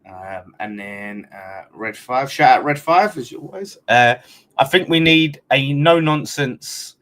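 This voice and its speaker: A man's voice: medium pitch, slow pace, fairly bright tone. A man hosting a live-streamed football fan chat, talking casually and swearing freely. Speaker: fan channel host.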